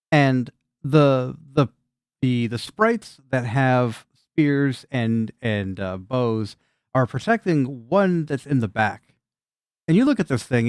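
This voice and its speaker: Profane laughing game master, dry mic. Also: male voice, medium pitch, a little mellow, no room sound. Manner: laughing, loose and profane, many restarts. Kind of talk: narrating a tabletop game.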